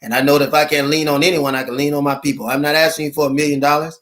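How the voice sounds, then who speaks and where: Halting, earnest male minister. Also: on the high side, level tone, a bit bright. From United States. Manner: halting, with many fillers and restarts; earnest preacher-like appeals. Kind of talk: livestream address to viewers.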